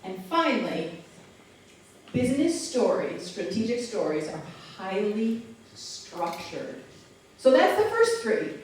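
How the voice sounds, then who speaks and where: Speaking slowly in a fairly high voice, this keynote speaker keeps things lively and playful, chatting with the crowd and asking them questions. She's recorded from afar in a big, echoing hall full of people, with light background noise.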